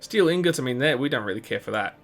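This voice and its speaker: Rambling, lively man narrating gameplay. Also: medium pitch, quick pace. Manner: chatty and rambling, with restarts and laughs. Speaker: let's play host. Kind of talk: casual gameplay commentary. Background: game music.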